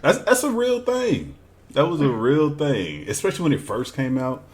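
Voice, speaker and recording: A man's voice: on the high side, very animated, moderate pace. A man co-hosting a casual podcast, laughing often and swearing while acting out stories. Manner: laughs a lot, swears, acts out quotes. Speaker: podcast co-host. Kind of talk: casual chat.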